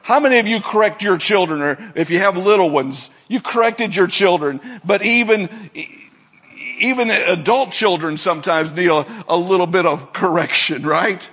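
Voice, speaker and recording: A man preaching a sermon to a congregation, moving from quiet, intimate asides to loud, emphatic declarations. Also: sits high, normal speed, slightly rough. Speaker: pastor.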